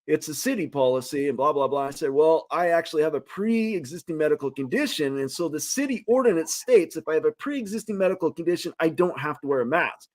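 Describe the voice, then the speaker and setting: A man telling a funny story on a talk show, animated and laughing often as he goes. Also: a little high, quick pace, hardly any pauses. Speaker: guest.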